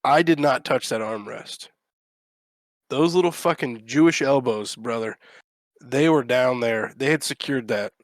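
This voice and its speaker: A man spinning a rambling anecdote on a podcast, swearing freely and jumping into voices for each quote. He has an everyday, mid-pitched man's voice. It is recorded dry and close, with no room echo. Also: measured pace. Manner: animated, profane, acts out quotes. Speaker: podcast co-host. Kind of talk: casual storytelling chat.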